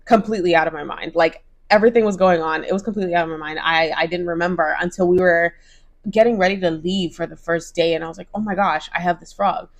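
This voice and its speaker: Young woman, casual vlog chat, slightly low pitch, gushing and chatty. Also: steady tone, fast. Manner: chatty and gushing, lots of "like" and "oh my gosh"; bright put-on voices when quoting others. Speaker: crochet vlogger.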